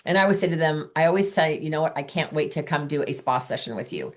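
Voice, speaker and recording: A woman with a notably deep voice talks through sales coaching in a chatty, storytelling way. She acts out the lines of the conversations she recalls. She sounds middle-aged and at ease. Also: expressive, fast. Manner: chatty, acts out quoted dialogue. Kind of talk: coaching talk with anecdotes.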